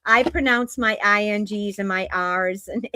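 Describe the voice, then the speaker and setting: A woman's voice: medium pitch, slow pace, bright, forceful tone, smooth, no room sound, studio quality. A woman with a Boston accent giving an upbeat, emphatic spiritual tarot reading to her viewers. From Boston area. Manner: emphatic, exclamatory, upbeat preaching tone. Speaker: tarot reader.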